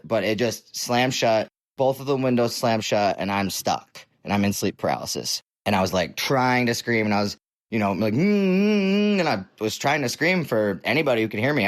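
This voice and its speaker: A man's voice: mid-range voice, dry recording. A young man telling his own story in a casual, rambling way, full of fillers and the odd curse. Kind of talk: casual spoken personal story.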